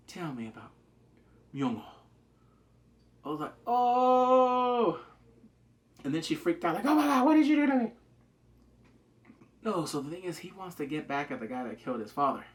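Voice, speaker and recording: Excitable man recapping a show. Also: a little high. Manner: rambling, excitable, many fillers, yelps in reenactments. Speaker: show reviewer. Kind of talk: casual spoken recap.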